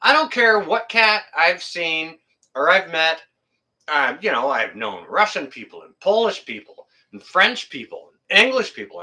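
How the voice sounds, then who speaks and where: A man's voice: high-pitched, pushed and bright. A middle-aged man hosting a casual livestream, rambling and joking as he reads viewer comments, with mild swearing. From Canada. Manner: rambling, joking, swears mildly, laughs at chat. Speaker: livestream host. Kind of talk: casual live chat reading viewer comments.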